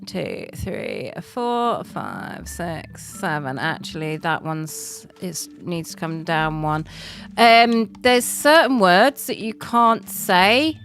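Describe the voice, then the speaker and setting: Unhurried, chatty British mum streaming games, self-mocking and quick to laugh, faint music behind. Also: female voice, medium pitch, fairly bright tone. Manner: chatty and self-mocking, laughs often, counts under her breath. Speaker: game streamer. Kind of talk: casual live-stream chat while playing.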